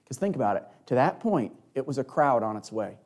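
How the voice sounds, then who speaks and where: A man preaching a sermon, telling a scripture story in an animated way and acting out the people in it. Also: medium pitch, fairly quick.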